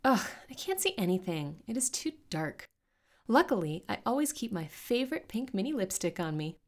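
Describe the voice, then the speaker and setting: A woman voicing an excitable teenage girl who loves pink, in a storybook reading. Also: mid-range voice, normal speed, voice pushed up. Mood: chatty. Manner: excitable, girly.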